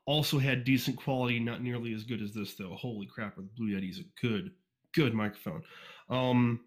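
A man's voice: medium pitch, steady tone. A man from Northeast Ohio, a guest on a podcast, chatting casually and informally with lots of fillers and restarts, recorded on a USB condenser microphone. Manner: fast-talking, informal, frequent fillers and restarts. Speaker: podcast guest, fan audiobook reader. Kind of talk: casual interview chat.

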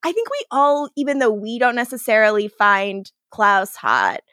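A woman's voice: fairly high pitch, expressive, moderate pace, a bit bright, no echo, clean studio sound. A woman co-hosting a casual podcast, laughing often and acting out the characters' lines. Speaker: podcast co-host. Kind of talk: casual rewatch podcast chat.

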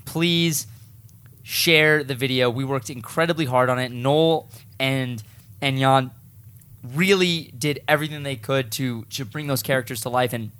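A man co-hosting a casual group chat, talking excitedly and urging listeners. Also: medium pitch, measured pace, smooth. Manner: excitable, pleading. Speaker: co-host.

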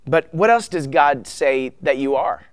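A man in his thirties preaching a sermon, earnest and emotional, tearful at times, with soft trailing asides. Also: on the high side, lively intonation, unhurried, dry recording. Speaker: pastor.

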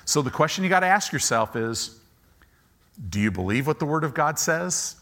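A man preaching a sermon to a congregation in a church, acting out doubting inner voices and rising to loud commands. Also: fairly high pitch, lively intonation, moderate pace. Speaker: pastor.

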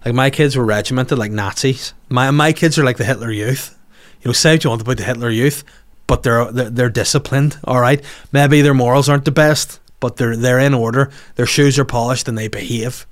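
A man in his thirties with a Northern Irish accent, a comedian hosting a podcast, telling animated comic stories with some swearing. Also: medium pitch, a little fast. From Northern Ireland. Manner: animated, swearing, acts out voices in quotes. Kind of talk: comic storytelling.

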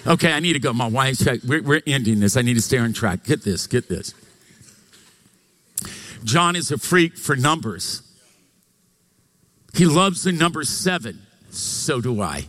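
A man from Louisiana, preaching a live sermon in an animated, joking way and often saying "get this". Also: mid-range voice, a little slow, long pauses. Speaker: pastor. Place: church sanctuary, live.

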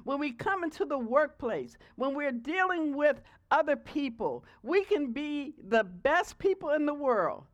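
A woman's voice: sits high, big pitch swings, unhurried, few pauses, muffled recording. A woman preacher delivering a conversational, playful sermon to her congregation, often checking in with "okay?" asides.

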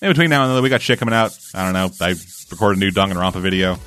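A man's voice: low voice, very fast. A man hosting a video games podcast in casual, swearing chat, close to the mic. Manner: animated and swearing, with loose filler words. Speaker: podcast host.

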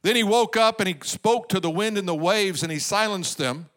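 A pastor with a high-pitched, fairly bright voice preaches a sermon at normal speed. He draws out the crowd with call-and-response asides and acts out quotes.

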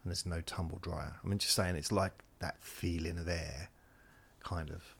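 A man with a very low voice wanders through a sleepy podcast monologue. He keeps breaking off and circling back as he talks. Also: fairly even intonation, normal speed, creaky, breathy edge. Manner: meandering, self-interrupting, drifting between points. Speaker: podcast host.

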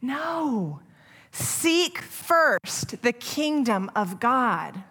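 A middle-aged woman preaching a sermon in a church, earnest and gentle, often pausing to restart a phrase. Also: fairly high pitch, sing-song, husky.

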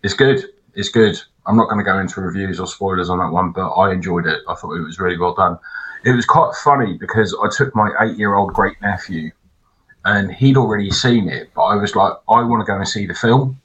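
A man chatting casually as a podcast co-host, telling animated, sweary stories. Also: sits low, a little fast, highs cut off. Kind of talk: casual chat.

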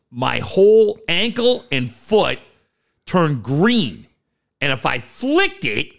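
A man co-hosting a podcast, chatting casually and profanely, often mimicking people. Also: gravelly. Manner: animated, profane, mimics people with big pitch jumps. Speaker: podcast co-host.

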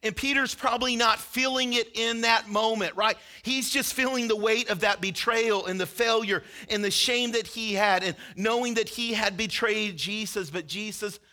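A man's voice: high-pitched, steady tone, moderate pace, hardly any pauses, sharp tone. A man preaching a sermon as a pastor, telling a story with earnest intensity and acting out the quoted lines.

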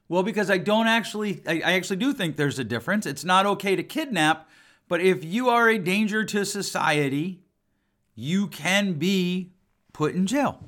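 A man's voice: high voice, lively intonation, moderate pace, a bit bright. A man in his forties, a family therapist, talking in a casual, emphatic and blunt way. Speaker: family therapist and podcast host. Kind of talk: casual podcast talk.

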